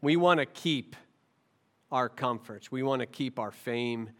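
A man preaching a sermon as pastor, impassioned, swinging from forceful emphasis down to low, quiet stretches. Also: a little slow. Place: church sanctuary.

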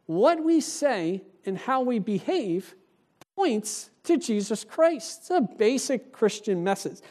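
A male pastor delivers a sermon in a church with a notably high voice. He is animated and conversational, talking directly to the people in the pews rather than reading at them. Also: takes it slowly.

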